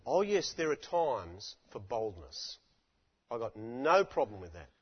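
A man's voice: medium pitch, very animated, measured pace, slightly rough. A man delivering an impassioned sermon from a stage microphone, with repeated rhetorical appeals to his listeners. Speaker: preacher. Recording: dull lo-fi recording with long hall reverb.

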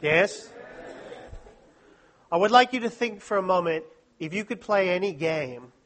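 A man's voice: high-pitched, lively intonation, a little slow, a bit bright, a little hiss or hum. A man giving a humorous, self-deprecating talk to a live audience at a Christian study week. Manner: joking, self-deprecating, chatty asides.

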